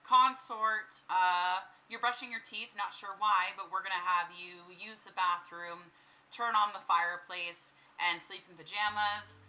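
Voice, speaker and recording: Bright-voiced woman chatting over gameplay. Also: medium pitch, steady tone, a little slow, poor audio. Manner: chatty, talks to her characters, bursts into startled laughing screams. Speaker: gameplay streamer. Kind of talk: casual let's-play commentary.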